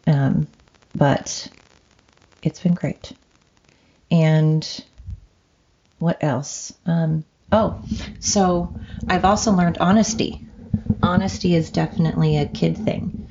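A woman's voice: low voice, steady tone, takes it slowly, creaky, long pauses, mellow, slight background noise. A middle-aged woman from the Oregon coast hosting her own podcast, rambling in casual chat with self-mocking asides. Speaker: podcast host. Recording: dull lo-fi home recording.

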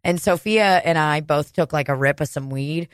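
A woman in her thirties from Kansas City, telling a casual, profane, animated story on a podcast. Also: low voice, normal speed, smooth, no echo. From Kansas City, United States.

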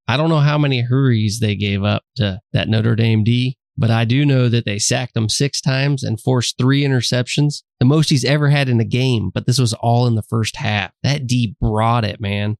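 A man's voice: medium pitch, vocal fry, dry recording, clean studio sound. A man co-hosting a casual sports podcast, laid-back and profane, full of banter. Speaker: podcast co-host.

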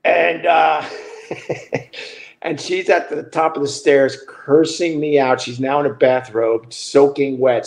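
Middle-aged man, podcast host, casual storytelling, loose and profane, higher-pitched voice. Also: slow pace, gravelly. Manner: loose and profane, with frequent restarts and laughter.

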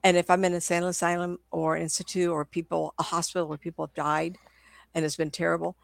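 Her voice is low, level and quick, with vocal fry, and there's no room sound. She's an older woman and psychic medium guest, sore-throated, telling stories in a rambling, casual way and frequently restarting.

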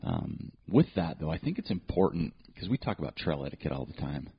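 Podcast host, male, very deep husky voice, groggy, loose and rambling; dry, dull recording. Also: brisk, dry recording. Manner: relaxed, rambling, chuckles. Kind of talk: casual chat.

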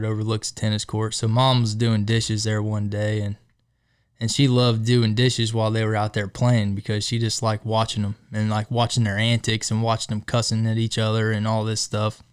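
A man's voice: fairly low pitch, level tone, normal speed, smooth. A young man co-hosting a casual podcast chat, easygoing and agreeable as he tells childhood memories. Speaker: podcast co-host.

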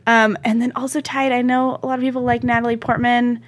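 A woman's voice: a little high, level tone, a little fast. A woman guest on a film podcast, chatty and opinionated, with frequent fillers. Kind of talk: casual film discussion.

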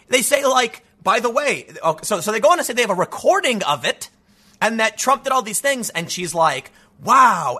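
A man in his thirties hosting a casual commentary show, reading news aloud with animated asides and rapid restarts. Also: very high-pitched. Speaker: political commentary host.

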